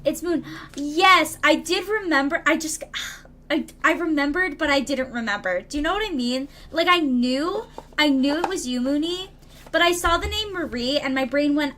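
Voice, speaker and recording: A woman's voice: high-pitched, normal speed, pushed and bright. A young woman live-streaming tarot readings, rambling casually to her viewers with lots of fillers. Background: lawn mower noise outside.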